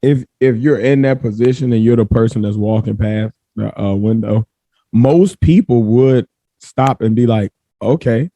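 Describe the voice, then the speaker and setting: A man co-hosting a casual podcast, thinking aloud in a relaxed way with many fillers. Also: medium pitch, normal speed, no room sound. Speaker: podcast co-host. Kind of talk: casual chat.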